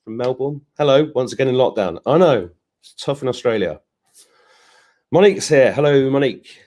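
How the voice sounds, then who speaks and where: Hosting a casual live stream, a man with a mid-range, darkish voice and lively intonation greets viewers by name at a normal speed. He's chatty, tosses out joking asides, and rambles with restarts.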